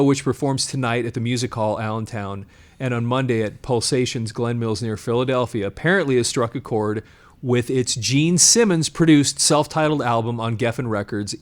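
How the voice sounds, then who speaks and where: A man co-hosting a podcast in casual chat, reading an old article aloud and stopping to comment in animated asides. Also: mid-range voice. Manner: reads quotes then breaks off to comment, animated asides. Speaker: podcast co-host.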